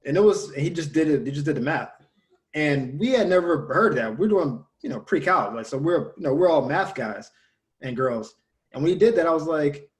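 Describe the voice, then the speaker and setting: A man in casual conversation, telling a story and lively when he quotes others. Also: a little high, moderate pace.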